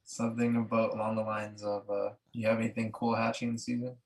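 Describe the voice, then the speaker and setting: A man co-hosting a podcast, speaking quietly with brief, low-key replies in a casual chat. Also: level tone, brisk. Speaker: podcast co-host.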